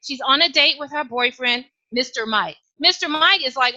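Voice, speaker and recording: A woman giving a storytelling speech at a club meeting, animated and acting out each character. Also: sits high, normal speed, few pauses. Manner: animated, acts out voices. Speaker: club speaker. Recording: dull lo-fi live meeting recording.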